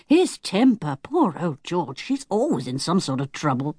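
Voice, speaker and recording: A woman's voice: sits low, sing-song, moderate pace, mellow, husky, no room sound, clean studio sound, full character voice. A woman narrator voicing a cheerful, teasing teenage boy in a children's audiobook. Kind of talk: audiobook character voice.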